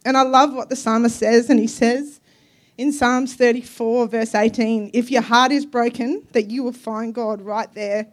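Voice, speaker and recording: Woman in her 30s preaching her own story, earnest, kinda emotional, slightly high voice. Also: fairly even intonation, moderate pace. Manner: earnest, emotional, with soft hesitations. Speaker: guest preacher. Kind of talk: personal testimony sermon.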